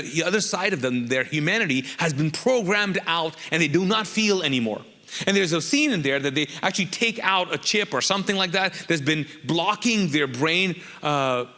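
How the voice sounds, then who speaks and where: A man's voice: fairly high pitch, sharp tone, long reverb tail. A man preaching a sermon as pastor, talking conversationally and bantering with the congregation with questions. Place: church auditorium.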